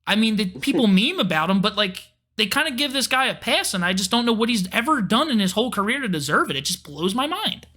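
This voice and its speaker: Bright-voiced ranting podcast co-host. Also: medium pitch, fast talker, few pauses. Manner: animated ranting, frequent swearing. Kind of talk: casual sports chat.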